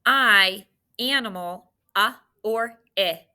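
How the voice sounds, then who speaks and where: A woman teaching a recorded phonics lesson to children, encouraging and clearly sounding out syllables. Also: medium pitch, takes it slowly, sharp tone.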